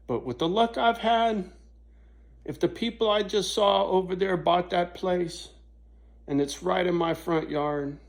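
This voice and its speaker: A man's voice: high voice, a little slow, creaky. A middle-aged man telling a rambling story in a casual vlog, swearing freely and often checking in with "right?". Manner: rambling, profane, frequent "right?" asides. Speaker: vlogger.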